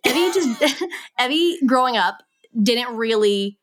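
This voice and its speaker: A young woman co-hosting a casual podcast chat, sarcastic and quick to joke. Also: a little high, lively intonation. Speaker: podcast co-host.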